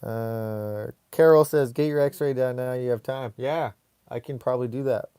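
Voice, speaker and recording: A man's voice: mid-range voice, steady tone, normal speed, dark tone, smooth, dry recording, studio quality. A man hosting a casual live stream, rambling in a laid-back way and reading viewer comments aloud.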